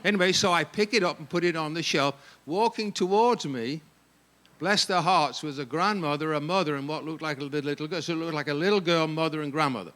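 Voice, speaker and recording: An English man speaking at a ministry staff gathering, telling humorous stories in an animated, jokey way and laughing often. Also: a little high, a little fast. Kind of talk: humorous storytelling talk.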